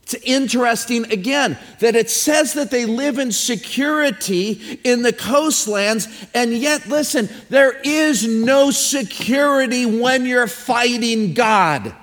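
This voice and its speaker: Male preacher, high voice, emphatic sermon delivery, long hall reverb. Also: fairly bright tone. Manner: emphatic, drawn-out preaching with repeated phrases. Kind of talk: sermon with scripture reading.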